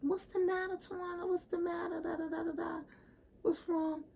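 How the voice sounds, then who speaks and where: Brief: a woman mimicking a phony girlfriend, squeaky-high and overdone, gravelly edge underneath. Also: flat delivery, moderate pace, mellow, slight background noise. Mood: fake concern. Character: fake-caring woman friend, shallow and dramatic.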